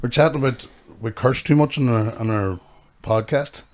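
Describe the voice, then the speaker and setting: A man with a Belfast accent hosting a casual podcast, a loud talker who laughs a lot. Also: mid-range voice, normal speed, over a noisy crowd. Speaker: podcast host.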